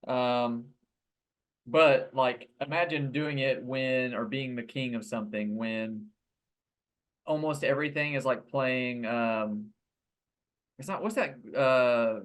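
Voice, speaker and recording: A man's voice: medium pitch, normal speed. A man co-hosting a podcast, talking in a laid-back, teasing way and laughing often during casual chat. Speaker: podcast co-host.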